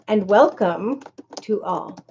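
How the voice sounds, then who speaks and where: A woman's voice: mid-range voice, expressive, slow pace, warm tone, dull audio, slight background noise. A middle-aged woman hosting a casual live-stream tarot reading. She chats, greets viewers by name and rambles from point to point.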